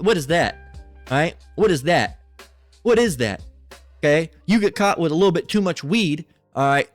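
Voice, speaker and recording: Angry, profane man ranting scripture. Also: fairly high pitch. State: agitated. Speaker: Bible teacher. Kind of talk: agitated scripture lesson.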